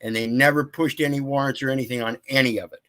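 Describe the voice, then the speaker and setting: A man's voice: medium pitch, fairly even intonation, quick pace, bright, forceful tone. A man telling his story bluntly and defiantly on a casual video call, swearing freely.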